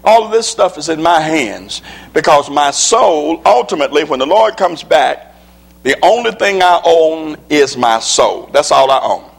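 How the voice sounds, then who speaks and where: A man with a rough, gravelly edge and a voice pitched a bit high delivers a motivational talk in a preacher's rhythm. He hammers his points home by repeating lines. He speaks as a preacher addressing an audience. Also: animated, a little slow. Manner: emphatic, repetitive preaching cadence. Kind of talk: motivational speech with slides.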